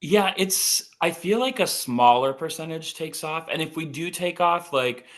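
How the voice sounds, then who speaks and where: A man's voice: a little high, lively intonation, a little slow, fairly bright tone. A man in his thirties from North Dakota with a light North Dakota accent, telling stories as a podcast guest in a chatty, upbeat way. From North Dakota, USA. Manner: chatty, upbeat storyteller, frequent "like" and "um". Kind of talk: casual interview chat.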